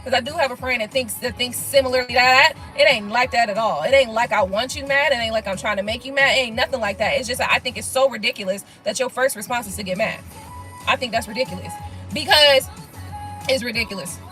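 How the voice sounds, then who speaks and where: A woman chats through viewer comments on a casual live stream, blunt and profane, laughing things off. Her voice sits high and bright. Soft music plays faintly underneath. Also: quick pace, rough recording. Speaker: tarot reader on a live stream.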